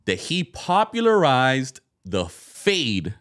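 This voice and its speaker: A man's voice: medium pitch, huge pitch swings, slow, a bit bright. A man co-hosting a casual podcast, laid-back and laughing often, tossing in slang. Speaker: podcast co-host.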